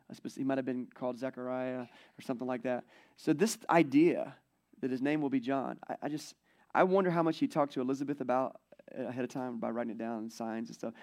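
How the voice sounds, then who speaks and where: A man preaching a sermon, retelling scripture in a chatty, animated way. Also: mid-range voice. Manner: conversational, animated storytelling. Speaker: pastor.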